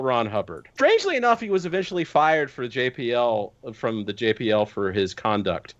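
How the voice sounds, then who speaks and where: Animated man telling wild stories. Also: mid-range voice, moderate pace, hardly any pauses, dull audio. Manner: animated, incredulous, swears casually. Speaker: podcast guest discussing tabletop game lore. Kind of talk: casual storytelling chat.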